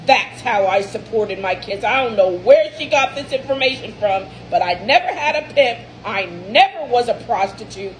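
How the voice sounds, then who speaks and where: A woman's voice: a little high, animated, normal speed, hardly any pauses, a little hiss or hum, poor audio. A middle-aged mother, indignant and swearing, who keeps breaking into laughter as she denies the claims. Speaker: mother being pranked. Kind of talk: casual outburst on camera.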